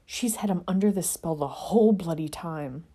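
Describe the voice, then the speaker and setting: Lady playing a panicky young wizard, whispery and urgent, low mellow voice. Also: normal speed, slightly rough. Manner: urgent, hushed, exasperated. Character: young male wizard, brash and frantic friend.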